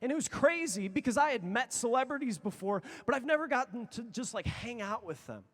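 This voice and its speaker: A man in his thirties, a youth conference speaker telling a story with excitable energy and sudden shouts. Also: very high-pitched, fairly quick. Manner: excitable, animated, bursts into shouts. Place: large conference hall. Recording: long reverb of a big hall.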